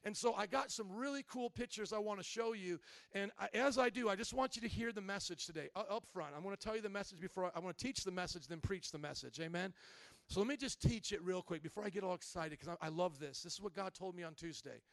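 Male pastor, high voice, lively emphatic preaching, dry close sound. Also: fast talker, vocal fry, no echo. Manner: animated, emphatic preaching, bursts into shouts. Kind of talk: sermon. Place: church service.

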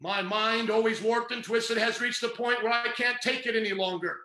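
Preacher guy yelling his sermon, high bright voice, confrontational, roomy echo. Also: steady tone, normal speed. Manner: shouting, passionate, confrontational. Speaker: Pentecostal preacher. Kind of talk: fiery sermon.

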